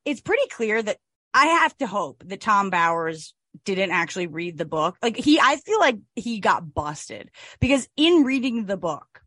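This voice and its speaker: Woman co-host, middle pitch, sarcastic and easygoing, dry close sound. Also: very animated, a bit bright, no echo. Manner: laid-back, quick to laugh, sarcastic. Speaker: podcast co-host. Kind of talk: casual chat.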